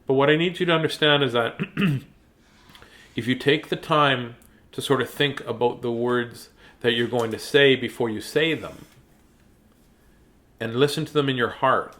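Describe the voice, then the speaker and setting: A man who hosts a children's reading show, speaking gently and earnestly to young viewers about kindness, with pauses and filler words. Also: medium pitch. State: choked up. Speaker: children's story reader and host. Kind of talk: reading aloud to kids, then heartfelt talk.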